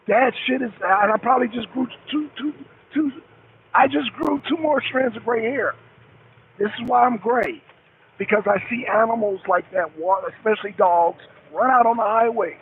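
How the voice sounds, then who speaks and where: A middle-aged man with a high, gravelly voice, calling in over a tinny, phone-like line with a faint hiss behind him. He rambles, repeats himself, and curses often in loose talk-show chat. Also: moderate pace. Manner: rambling, repetitive, heavy cursing. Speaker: truck driver calling in.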